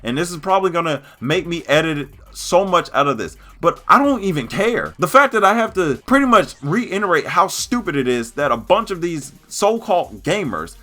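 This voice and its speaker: A man's voice: a little high, sing-song, moderate pace, few pauses, bright, forceful tone. A man ranting angrily in a gaming vlog, swearing and hammering his points with repetition. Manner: heated, swearing, emphatic repetition. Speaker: gaming YouTuber.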